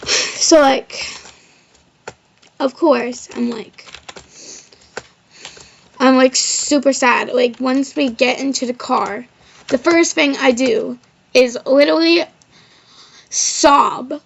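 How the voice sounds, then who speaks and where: A woman's voice: high voice, slow, gravelly, long pauses, a little hiss or hum. A female vlogger telling a personal story in a rambling, casual way, filling her talk with "like" and "of course.". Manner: rambling, heavy use of "like" and "of course". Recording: slightly dull lo-fi recording.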